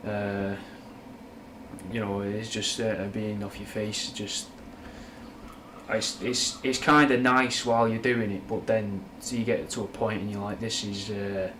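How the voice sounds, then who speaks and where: A man's voice: fairly low pitch, fairly even intonation, unhurried, background noise. A young man with a Mancunian accent and a slight Scouse twang, chatting frankly and rambling through viewers' questions, using slang and swearing. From Manchester, England. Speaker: livestream host answering chat. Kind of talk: casual livestream chat.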